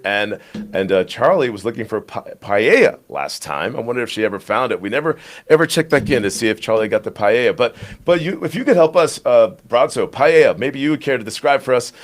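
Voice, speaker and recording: A man hosting a live show, keeping upbeat host patter going with frequent fillers. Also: medium pitch.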